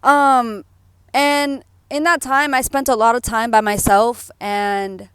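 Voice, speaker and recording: A woman's voice: on the high side, steady tone, takes it slowly, fairly bright tone, smooth, dry recording. A young woman vlogger telling a personal story in a candid, emotional way, full of fillers like "like" and "you know", tearful at times.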